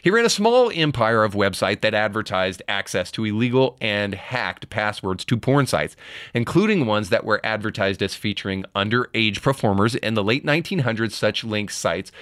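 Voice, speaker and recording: A man's voice: fairly low pitch, animated, moderate pace, fairly bright tone, dry recording, studio quality. A man hosting a podcast, giving opinion commentary and reading passages aloud before riffing on them. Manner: reads quotes aloud, then riffs. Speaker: podcast host.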